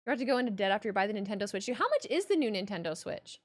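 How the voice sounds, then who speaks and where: A young adult woman is livestreaming, reading chat aloud and talking bluntly, with profanity and lots of animation. Her voice is medium in pitch and she races along.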